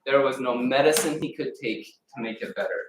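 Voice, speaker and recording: A man preaching a sermon in a church, retelling a story with lively acted-out voices. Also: mid-range voice, a little fast, a little hiss or hum. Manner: animated storyteller acting out voices. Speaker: pastor. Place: church sanctuary. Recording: echoey room, mic at a distance.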